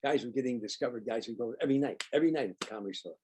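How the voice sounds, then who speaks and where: An older man, a comedian guest, telling lively anecdotes in an interview and acting out the dialogue. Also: medium pitch, racing, slight background noise. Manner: animated anecdotes, acts out quoted dialogue. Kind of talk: storytelling interview.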